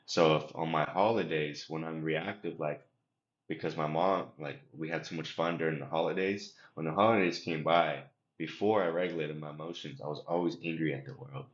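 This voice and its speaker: Very deep-voiced man, earnest and rambling. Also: steady tone, brisk. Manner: earnest, rambling, repeats words. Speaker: guest, emotional regulation coach. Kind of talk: conversational podcast interview. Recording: roomy, dull lo-fi sound.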